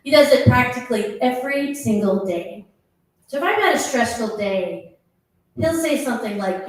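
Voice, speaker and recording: A middle-aged woman tells stand-up jokes with a lively, swinging pitch. She sits a bit high for a woman and drops low to mimic her husband. Her voice rings in a very echoey room, picked up from a distance. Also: normal speed. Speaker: stand-up comic. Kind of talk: stand-up comedy set. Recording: roomy echoing venue, mic heard from a distance.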